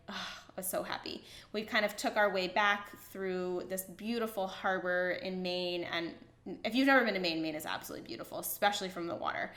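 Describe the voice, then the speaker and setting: A young woman vlogger with a mid-range voice tells a casual story to the camera, sounding eager, excited, and gushing. Her tone is bright and forward, her speech full of "like" fillers, and the recording has a noticeable room echo.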